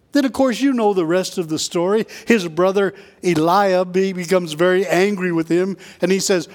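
A man preaching a sermon in a conversational way, tossing in quick asides and jokes for the congregation. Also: high-pitched. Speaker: pastor.

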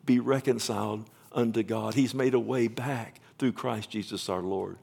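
A man in his fifties preaching a sermon, rambling with restarts, then building to loud, emotional proclamation and pleading. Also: on the low side, fairly even intonation, moderate pace, creaky, husky. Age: 50s. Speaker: pastor. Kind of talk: sermon with altar call.

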